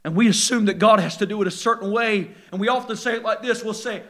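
Male preacher, very high bright voice, sermon with hushed lows and shouted climaxes. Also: quick pace. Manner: swings from hushed, low passages to loud, shouted peaks; acts out quoted voices in storytelling.

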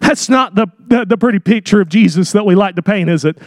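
A man preaching a sermon with dramatic delivery, acting out the people in his story and rising to shouts at his key points. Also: sits high, fast, no room sound, clean studio sound.

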